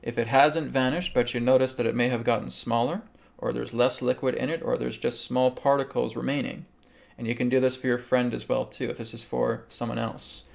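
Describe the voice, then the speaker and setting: A man hosting a live show, calmly guiding a healing meditation and answering viewers' questions, often checking in with "okay". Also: medium pitch, a little fast, vocal fry. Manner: calm, instructive, repeats okay. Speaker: host and spiritual healer.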